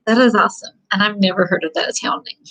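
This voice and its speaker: A woman's voice: mid-range voice, steady tone, quick pace, fairly bright tone, rough recording. A woman from the Midwest chatting casually as a beauty vlogger while she gets ready, rambling and saying "like" often. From American Midwest. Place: home, Kansas City.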